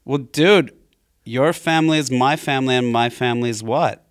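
A man doing an impression of a cocky, busy male celebrity comedian who brushes off a friend in loud, slangy bro talk. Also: mid-range voice, moderate pace, no echo, studio quality, close to an everyday voice. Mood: dismissive.

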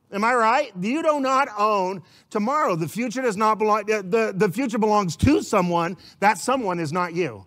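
A pastor delivers a sermon in a high, light voice. He keeps it conversational and animated, tossing questions to the congregation and slipping into quick voices of doubters. He is a man at ease with his flock.

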